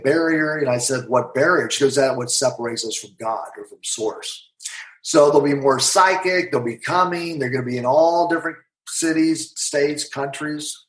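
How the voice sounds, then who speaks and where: A man, a guest author and hypnotherapist, recounting a client's session in an interview and voicing both sides of the exchange. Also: mid-range voice. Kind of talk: storytelling in a podcast interview. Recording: roomy echo.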